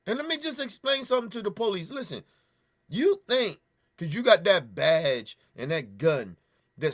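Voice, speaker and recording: A man's voice: high voice, a bit bright. A man hosting a show, angrily ranting and cursing as he reacts to a news clip, sniffling at times. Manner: angry, profane, ranting. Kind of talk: heated commentary.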